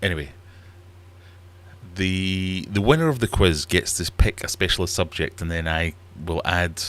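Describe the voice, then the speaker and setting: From a cozy little fish room in his house, a middle-aged man hosts a laid-back livestream, rambling and self-deprecating. He speaks at normal speed in a low voice that's a bit bright.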